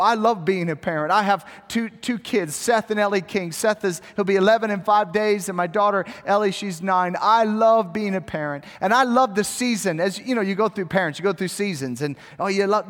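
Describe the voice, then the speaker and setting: A man in his thirties preaches from the pulpit with a high, light voice that carries a long reverb through the sanctuary. He moves between easy, self-mocking storytelling and fervent, swelling appeals. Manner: conversational and self-deprecating, building to fervent appeals. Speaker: pastor. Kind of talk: sermon. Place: church sanctuary. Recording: long reverb of a large hall.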